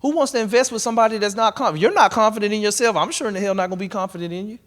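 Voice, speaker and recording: High-pitched guy teaching a room full of people, energetic, casual coaching vibe. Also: racing. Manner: energetic, conversational, coaching the audience directly. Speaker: real estate investing speaker. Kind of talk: live workshop talk. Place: room at a live event.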